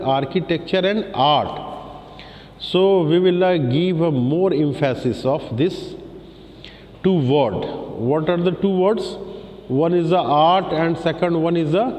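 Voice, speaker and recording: A man with an Indian English accent teaching a class. He speaks slowly and repeats himself, pausing with many fillers, and switches between English and Hindi. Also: fairly high pitch, darkish tone. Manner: slow, repetitive, many filler pauses, mixes English with Hindi. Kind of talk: classroom lesson. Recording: long reverb, faint ambient noise.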